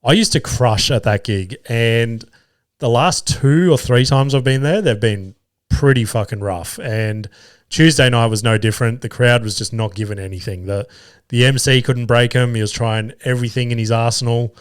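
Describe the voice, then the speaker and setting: Male comic-host, mid-pitched, sweary and self-amused storytelling, dry close mic. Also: moderate pace, smooth, no room sound. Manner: swears freely, laughs at his own stories. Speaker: comedian and podcast host. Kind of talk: casual solo podcast storytelling.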